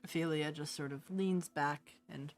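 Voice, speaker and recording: A woman with a low voice runs a tabletop game, narrating at an unhurried pace. She talks softly and hesitantly, with plenty of fillers, and light music plays faintly behind her. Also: fairly even intonation. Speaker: game master.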